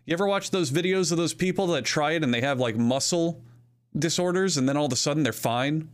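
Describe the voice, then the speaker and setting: A man's voice: a little high, a little fast. A young man hosting a podcast, reading sponsor ads in a playful, rambling, joking way. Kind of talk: comedic ad read.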